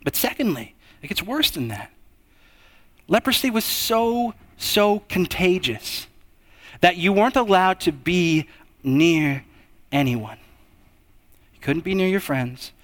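A young man delivers a sermon with a noticeably high voice. He moves from quiet, drawn-out passages to raised, emphatic stretches. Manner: expressive, swings between hushed and raised delivery. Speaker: preacher.

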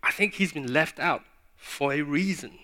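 A man delivers a sermon, earnest and questioning, leaning on pauses for emphasis. His voice sits a little high, and it has a bright, forceful edge. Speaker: preacher.

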